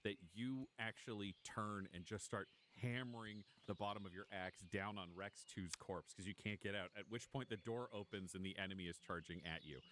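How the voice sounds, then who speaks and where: A man's voice: fairly low pitch, steady tone, moderate pace, few pauses, a bit bright, slight background noise. A man narrating a tabletop role-playing game as game master, with vivid, descriptive storytelling.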